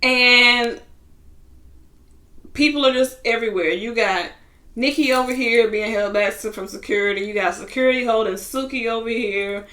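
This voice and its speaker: A young woman in a casual vlog, retelling a reality show episode with lively, slangy asides. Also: on the high side, moderate pace. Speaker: TV show reviewer.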